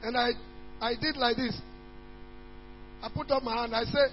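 Guy preaching w a really high voice, hammering words over and over, dull lo-fi church tape. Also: moderate pace, long pauses. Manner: emphatic, repetitive preaching with scripture reading. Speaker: pastor. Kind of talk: sermon. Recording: dull lo-fi church recording in a reverberant hall with faint music and hum.

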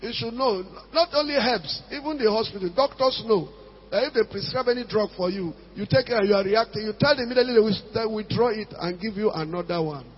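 A high-voiced, husky man preaches in a church hall, driving each point home by repeating it. His voice rings with long reverb, and the recording sounds muffled and lo-fi. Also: fast. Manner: emphatic, repeats phrases, pidgin asides. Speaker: pastor. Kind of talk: sermon.

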